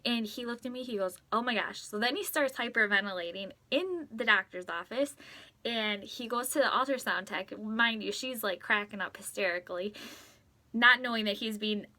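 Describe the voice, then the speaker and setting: A woman in her thirties telling a story to her camera at home, chatty and excitable, often acting out what people said. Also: fairly high pitch, normal speed. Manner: chatty, excitable, lots of "like" and quoted dialogue. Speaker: vlogger. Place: at home, in a closet.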